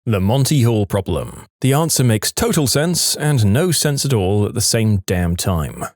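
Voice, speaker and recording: A man reads listener posts aloud for a podcast, his pitch leaping up and down as he goes. He breaks in with dry, wry comments of his own between the items. The recording is close and dead dry, with no room sound at all. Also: unhurried, dry recording. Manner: animated reading with wry asides. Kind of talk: reading online posts aloud.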